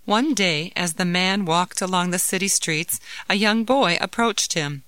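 A woman narrating a moral children's story in a measured storytelling manner. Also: on the low side, fairly bright tone, clear, resonant tone, no room sound.

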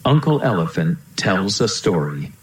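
A man narrating a children's storybook aloud in a steady, storytelling way, in a roomy-sounding recording. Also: deep voice, measured pace. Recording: roomy echo.

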